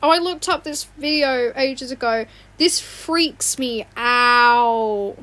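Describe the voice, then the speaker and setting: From her bedroom, a woman streamer chats casually while drawing, her high, pushed, bright voice moving slowly. She rambles, giggles, and apologises a lot, with a fan humming in the background.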